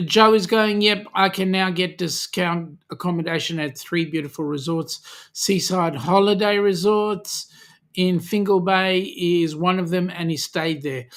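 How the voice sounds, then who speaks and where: Slow, friendly Australian man. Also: high voice, fairly bright tone. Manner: slow, friendly, with many "um"s, greeting viewers by name. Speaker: livestream host reading viewer chat. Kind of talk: casual live chat.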